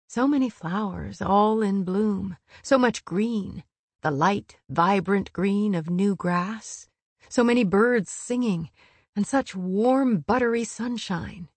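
Woman reading an audiobook, calm and slow, dry close mic. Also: on the low side, dry recording. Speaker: audiobook narrator. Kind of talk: scripted narration.

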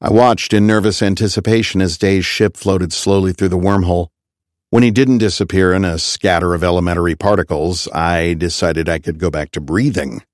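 A man reading a first-person science fiction audiobook in an even, wry storytelling manner. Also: deep voice, no room sound, studio quality. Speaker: audiobook narrator. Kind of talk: scripted first-person narration.

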